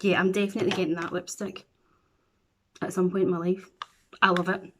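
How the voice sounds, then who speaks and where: A woman's voice: on the low side, little pitch movement, a little fast, long pauses. A Scottish woman chatting playfully through a makeup tutorial at home, with silly asides as she works. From Scotland. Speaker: beauty vlogger.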